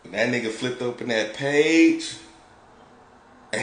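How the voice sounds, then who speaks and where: A man from Detroit, a podcast host, telling an animated, profane story in a laid-back way. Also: medium pitch, slow, long pauses. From Detroit, United States. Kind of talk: casual storytelling. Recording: roomy with faint background noise.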